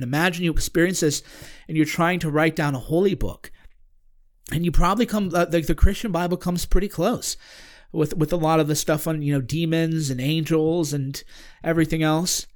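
Earnest man telling a story, higher voice. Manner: earnest, searching, halting with many restarts. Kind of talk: casual spoken storytelling.

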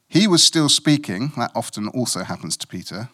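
A man's voice: mid-range voice, expressive, normal speed, few pauses, fairly bright tone. A middle-aged man from Africa preaching a sermon in a conversational, self-mocking way, with playful asides.

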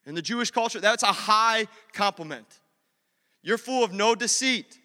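A male pastor delivers an impassioned sermon in a very high, sharply bright voice. He drives points home by repeating phrases over and over. The sound rings with the long reverb of a church hall. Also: animated, a little fast.

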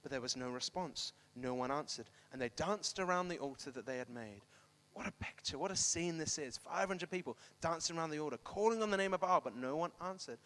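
A man preaching a sermon to a congregation, animated and emphatic, repeating phrases for effect. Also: fairly high pitch, brisk, in a large hall. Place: church hall with congregation, also streamed online.

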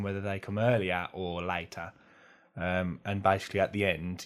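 A man co-hosting a podcast, giving rambling, casual explanations with plenty of fillers. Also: lowish voice. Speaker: podcast co-host. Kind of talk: casual chat.

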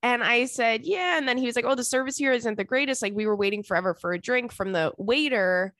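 A young woman hosting a podcast, telling a story in a chatty, animated way and laughing often. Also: a little high, brisk, dry recording. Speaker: podcast host. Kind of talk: casual storytelling to listeners.

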